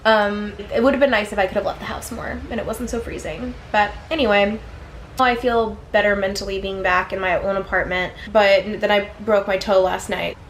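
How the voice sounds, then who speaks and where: A woman's voice: medium pitch, steady tone, moderate pace, a little hiss or hum. Rambling woman vlogging from her apartment. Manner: rambling, many fillers and restarts. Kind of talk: casual personal storytelling. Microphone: camera on a tripod.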